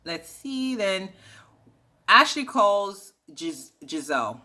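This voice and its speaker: A woman's voice: medium pitch, very animated, slow pace, sharp tone, a little hiss or hum. A woman casually recapping a reality show, chatty and slangy, dropping opinionated asides.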